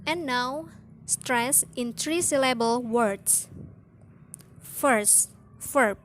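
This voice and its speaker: A woman works through a phonetics lesson on word stress. Her voice sits slightly high and she moves at an unhurried, careful pace. She lingers over each example word as she reads out the rules. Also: slight background noise. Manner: slow, careful reading of rules with drawn-out example words.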